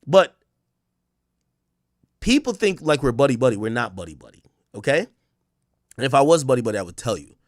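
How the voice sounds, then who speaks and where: A man's voice: medium pitch, big pitch swings, fairly quick, long pauses, no echo, clean studio sound. A man from Jamaica with a Jamaican accent, ranting bluntly in a casual livestream and repeating words as he gets going. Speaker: streamer and media personality.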